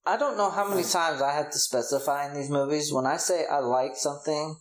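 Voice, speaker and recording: A man's voice: on the high side, a little fast. A man co-hosting a casual movie-review chat, rambling and hesitant, with many filler words. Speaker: podcast co-host. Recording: roomy echo.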